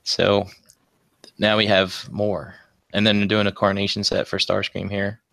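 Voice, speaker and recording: Male co-host, easygoing, low gravelly voice, keeps the rundown moving. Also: flat delivery, a little slow, a bit bright, no room sound. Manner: laid-back, steers the topics along. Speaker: podcast co-host presenting toy news. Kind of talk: casual group chat.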